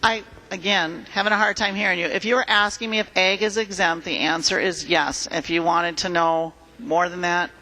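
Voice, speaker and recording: A woman's voice: on the low side, fairly even intonation, moderate pace, hardly any pauses, bright, forceful tone. A woman chairing the tax committee gives direct, brief answers during a legislative floor debate. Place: large legislative chamber. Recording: long reverb of a large chamber, faint room noise.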